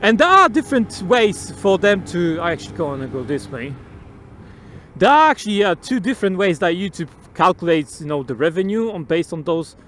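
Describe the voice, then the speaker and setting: Higher-voiced man rambling outdoors on a motorbike. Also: very animated, fairly quick, fairly bright tone, slight background noise. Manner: rambling, swears casually, laughs often. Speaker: motovlogger. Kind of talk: casual opinion vlog.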